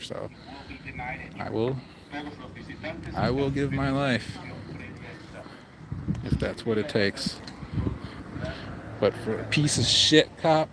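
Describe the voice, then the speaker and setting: A man's voice: medium pitch, takes it slowly, creaky, long pauses, crowd noise, low-quality recording. A man doing a casual livestream outdoors, talking in a blunt, profane, rambling way. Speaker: livestream vlogger. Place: outdoors in a public area.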